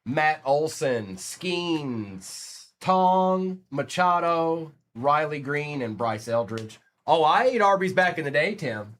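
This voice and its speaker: A man's voice: fairly high pitch, lively intonation, slow pace, fairly bright tone. A man from Virginia hosting a live card break stream, rattling off player names and chatting with viewers between pulls.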